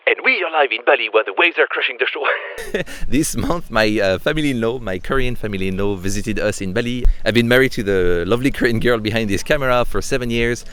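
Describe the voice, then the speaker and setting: A man's voice: medium pitch, a little fast, fairly bright tone. A man from France with a French accent, chatting casually to the camera in an upbeat, rambling way. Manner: upbeat, rambling, thinks aloud with many fillers. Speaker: solo entrepreneur vlogger. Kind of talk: casual vlog chat to camera.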